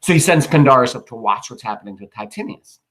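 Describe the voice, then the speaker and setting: A man's voice: mid-range voice, lively intonation, quick pace, a bit bright, rough recording. A man teaching a recorded lesson, retelling a play in casual, slangy everyday words with fillers. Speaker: English teacher.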